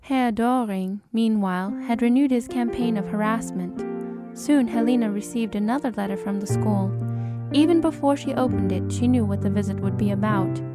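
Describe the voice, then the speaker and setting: A woman giving measured, dramatic audiobook narration. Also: a little high, music in the background. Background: orchestral film score.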